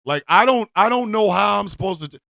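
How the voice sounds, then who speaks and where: High, gravelly, excitable male host. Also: fairly quick, no echo. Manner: excitable, yelling and cursing. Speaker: radio show host. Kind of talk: loud comic rant.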